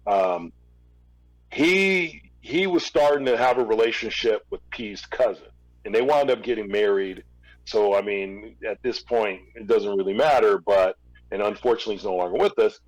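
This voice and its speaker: A man's voice: fairly low pitch, lively intonation, normal speed, rough recording. Man telling a rambling story. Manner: rambling anecdotal telling with fillers and restarts. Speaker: guest, former record label executive. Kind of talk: casual storytelling interview.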